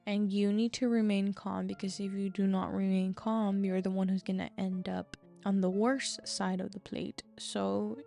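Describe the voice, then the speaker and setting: A woman's voice: medium pitch, flat delivery, normal speed, creaky, hardly any pauses, dark tone, soft background music. A woman casually narrating a story, chatty, with lots of fillers.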